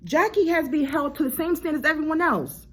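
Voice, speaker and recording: A young adult woman co-hosting a casual show that reviews reality TV, animated and quick to get indignant. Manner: animated, talks over her co-host, jumps high when indignant. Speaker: co-host of a TV recap show.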